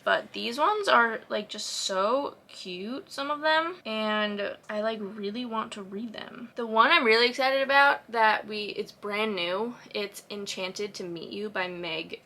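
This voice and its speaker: A woman in her twenties chatting casually as a book vlogger, gushing and excitable, with lots of fillers. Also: mid-range voice. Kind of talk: casual chat. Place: home room with bookshelves.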